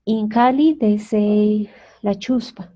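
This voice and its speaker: Slow-speaking Colombian woman teaching English. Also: medium pitch, steady tone, dark tone. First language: Spanish. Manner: slow, careful, repeats words for learners. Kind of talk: online English class. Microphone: video call. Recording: dull lo-fi video call audio.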